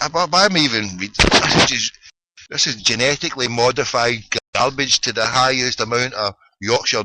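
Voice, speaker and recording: Glaswegian guy ranting on his podcast, sarcastic, sharp bright voice, dead dry sound. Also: medium pitch, no room sound, poor audio. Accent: Scottish, Glaswegian. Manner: ranting, sarcastic, swears freely. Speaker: host of a phone-in podcast. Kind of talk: casual solo commentary.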